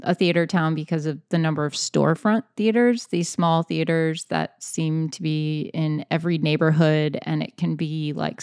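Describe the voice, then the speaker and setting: A woman's voice: deep voice, clear, resonant tone, no echo, studio quality. A woman from Chicago with a Chicago accent, a guest chatting thoughtfully and hesitantly, with many fillers. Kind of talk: casual chat.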